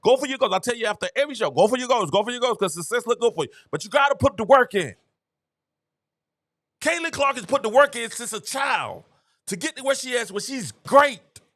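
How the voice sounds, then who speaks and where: A middle-aged man with a very high, bright voice that swings widely as he rants to his live-stream viewers. He is animated and preachy and hammers his points home by repeating phrases. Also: a little fast. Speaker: live-stream show host. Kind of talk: casual opinion rant to viewers.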